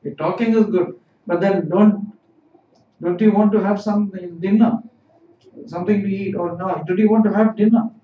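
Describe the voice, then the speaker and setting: A man teaching a Japanese lesson, repeating each phrase and translating it in a deliberate, explanatory way. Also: high-pitched, fairly even intonation, a little hiss or hum. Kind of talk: live-streamed language lesson. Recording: echoey, distant, dull live-stream audio.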